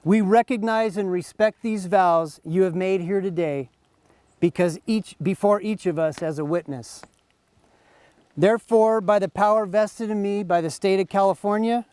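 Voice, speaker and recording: A man officiating a wedding, leading the vows in a formal, measured way. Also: high-pitched, steady tone, darkish tone, smooth, no echo. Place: outdoor or hall wedding ceremony.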